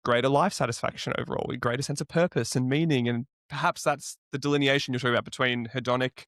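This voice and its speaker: A young man hosting a podcast who talks quickly and works through his thoughts out loud. His voice sits at a middle pitch, and it is recorded dry and close with no room sound. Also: fairly even intonation, no room sound. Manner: reflective, thinks aloud with fillers. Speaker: podcast host. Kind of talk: podcast conversation.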